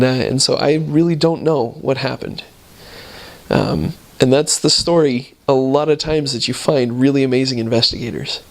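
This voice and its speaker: A man in his thirties, a returned missionary, telling stories from his mission and acting out the voices of the people in them. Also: medium pitch. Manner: animated, acts out voices in his anecdotes. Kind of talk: storytelling talk.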